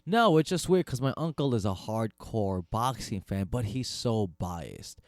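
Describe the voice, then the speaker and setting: An easygoing man in his thirties co-hosts a casual fight podcast, his voice on the low side. He answers his co-host with quick, agreeing replies. The recording is dry and close. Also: expressive, no room sound. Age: 30s. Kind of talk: casual chat.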